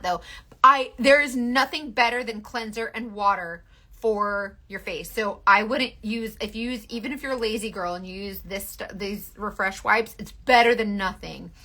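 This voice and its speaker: A woman's voice: a little high, bright, forceful tone. A woman, hosting a casual makeup chat in a rambling way full of fillers. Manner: rambling, filler-heavy, restarts often. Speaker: beauty livestream host.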